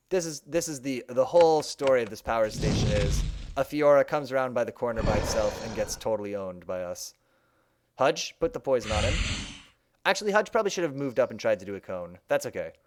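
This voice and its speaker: A man's voice: mid-range voice, noisy background. Chatty young man streaming a game. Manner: chatty, thinking aloud, self-mocking. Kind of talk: casual let's-play commentary. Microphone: desk microphone.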